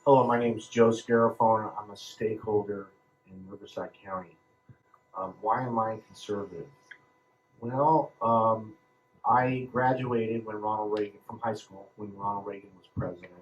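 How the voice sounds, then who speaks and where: Low-voiced, halting man. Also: steady tone, lo-fi sound, a little hiss or hum. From Southern California. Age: 50s. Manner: halting, with many ums and restarts. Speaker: panel speaker. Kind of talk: casual personal account.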